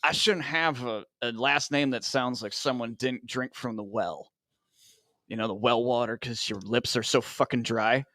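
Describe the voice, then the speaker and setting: Guy from northern illinois cracking crude jokes on a podcast, middle pitch, dry close sound. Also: normal speed, pushed and bright, no room sound. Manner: joking, profane, self-mocking. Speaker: podcast co-host. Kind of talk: casual podcast chat.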